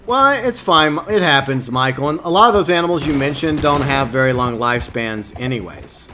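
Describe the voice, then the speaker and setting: A man in Louisiana streams a video game from home, talking with viewers in an expressive, mid-range voice that's fairly quick, pushed and bright. He keeps stumbling over words and laughing at himself, and there's slight hiss or hum.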